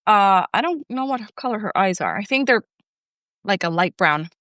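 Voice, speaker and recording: A middle-aged woman from Colombia with a Colombian Spanish accent, talking in a chatty, animated way with many fillers. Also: mid-range voice, moderate pace, no echo, studio quality. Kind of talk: casual conversation.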